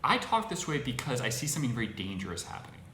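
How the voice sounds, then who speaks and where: A man hosting his own show, talking in a casual monologue, halting and restarting his phrases with exasperation. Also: medium pitch, big pitch swings, pushed and bright. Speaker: podcast host. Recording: echoey room with faint noise.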